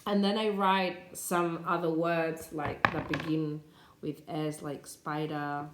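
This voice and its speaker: A woman with a Spanish accent, a native Spanish speaker, explaining pronunciation tips as an English teacher in an unhurried way, with many fillers and restarts. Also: low-pitched, level tone, echoey room, heavy background noise.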